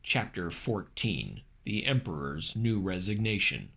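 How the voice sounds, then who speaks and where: Audiobook reader, man, deep low voice, bright clear edge, measured title read. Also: sing-song.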